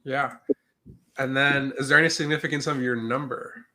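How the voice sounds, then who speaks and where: A man's voice: mid-range voice, steady tone, normal speed, bright, forceful tone. A man hosting a sports interview, asking friendly, conversational questions.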